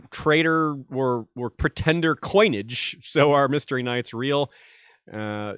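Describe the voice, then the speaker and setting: A man's voice: a little high, fairly bright tone, no echo, studio quality. A man hosting a casual podcast chat, rambling with many fillers and chuckles. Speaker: podcast host.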